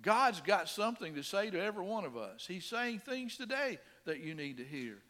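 Bright-voiced preacher man in a reverberant hall. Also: sits high, sing-song, normal speed. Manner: earnest preaching, swings from soft to emphatic. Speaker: pastor. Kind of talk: sermon.

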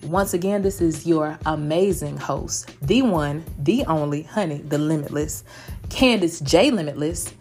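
A woman, hosting a motivational solo podcast in an animated, emphatic way, full of endearments. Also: low-pitched, faint music behind. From United States. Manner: fast-talking. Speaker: podcast host.

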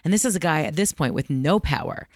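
A man's voice: on the high side, expressive, dry recording, clean studio sound. A man co-hosting a casual podcast, adding context and interjections to his partner's retelling. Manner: quick, adds context and interjections. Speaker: podcast co-host. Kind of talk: casual chat.

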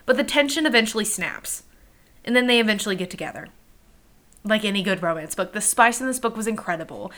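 A woman's voice: medium pitch, animated, fast talker, fairly bright tone. A young woman talks through book recommendations in a loose, conversational way, with an ordinary mid-range voice. She is candid and cheerfully profane, addressing her listeners directly. The recording is a simple home setup. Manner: candid and chatty, swears freely, talks to listeners. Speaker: podcast host. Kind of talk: casual book-review chat. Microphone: home recording by a front window.

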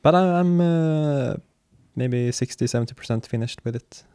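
A man's voice: on the high side, normal speed, clear, resonant tone, no echo, clean studio sound. Casual, hesitant young-sounding man chatting. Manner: relaxed, hesitant, many fillers and restarts. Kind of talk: casual chat about books.

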